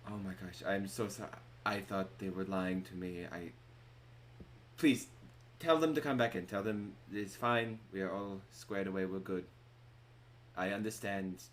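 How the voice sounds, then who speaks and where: A man's voice: low voice, steady tone, unhurried, slight background noise. A man voicing a flustered, apologetic male innkeeper with a put-on accent, stammering and rambling. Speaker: game master.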